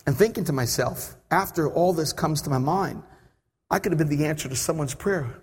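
A high-voiced man delivers a sermon built around a personal story, acting out his own thoughts as he goes. His voice rings out through a church hall with a long reverb tail. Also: a little fast, slightly rough. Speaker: preacher. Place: church service.

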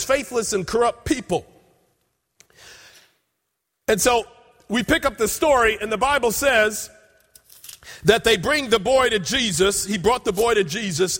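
A man preaching a sermon, telling a scripture story with emphatic, drawn-out quotes. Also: high-pitched, a bit bright. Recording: long reverb in a large hall.

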